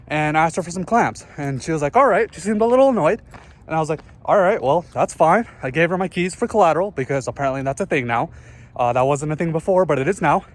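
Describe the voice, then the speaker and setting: Breathless man ranting after a workout. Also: on the high side. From northern United States. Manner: rambling, profane, self-interrupting. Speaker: vlogger. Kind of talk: casual rant to camera. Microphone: earbuds. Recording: voice picked up through earbud mic.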